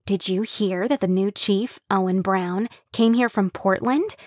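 A woman voicing an excitable, breathless young woman who gushes in a rushed, high voice. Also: no room sound, studio quality, natural voice.

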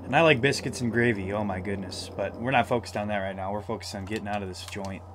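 A man playing a horror puzzle game as a let's-play, easily startled, yelling when scared and talking himself through the tense parts. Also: on the low side, quick pace, noisy background. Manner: excitable, shouts in fright, talks himself through scares. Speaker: gamer.

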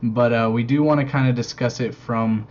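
A man's voice: medium pitch, fairly even intonation, moderate pace, a little mellow. A man hosts a casual podcast, upbeat and a little hesitant as he sets up topics. His sound is dull and lo-fi, with a faint hiss behind it. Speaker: podcast host.

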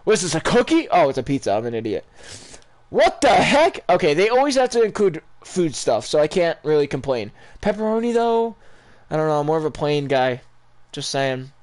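A young man giving casual, rambling live reactions to video game items, excitable and full of ums. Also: fairly high pitch, a little fast. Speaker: gaming YouTuber.

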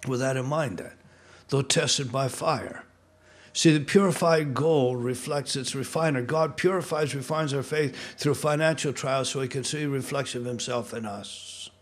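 A man from the United States preaching a sermon in a church, animated and pressing, rising loud on key points and asking the congregation questions. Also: mid-range voice, normal speed. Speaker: pastor. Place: church sanctuary.

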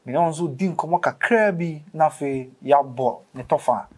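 A man's voice: fairly high pitch, moderate pace, a little mellow, slightly rough. A Ghanaian man hosting an interview, opening the show and asking short follow-up questions. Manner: brief prompts and follow-up questions.

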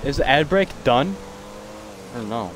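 A man's voice: medium pitch, sing-song, measured pace, background noise. A young man casually live-streaming a game, joking with chat and bantering playfully with in-game characters.

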